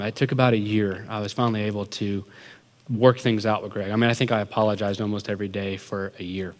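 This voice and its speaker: Man preaching with long hall reverb. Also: mid-range voice. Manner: animated storyteller, acts out quotes, many "like" fillers. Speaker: young adults pastor. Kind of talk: storytelling sermon. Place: church hall.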